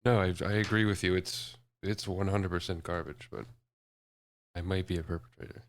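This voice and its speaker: A man's voice: deep voice, fairly even intonation, normal speed, a little hiss or hum. A man co-hosting a casual podcast, chiming in with short, dry reactions and questions. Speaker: podcast co-host. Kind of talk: casual chat.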